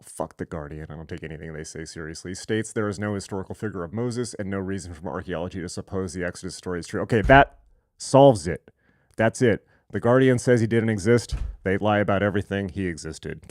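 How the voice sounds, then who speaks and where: A man's voice: low voice, darkish tone, dry recording, clean studio sound. A man hosting a live online lecture, reading sources aloud and breaking off for irreverent, sarcastic comments. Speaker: host.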